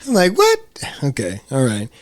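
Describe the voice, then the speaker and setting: A man hosting a casual film discussion podcast, animated, often acting out quotes in high voices. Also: moderate pace, no echo. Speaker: podcast host.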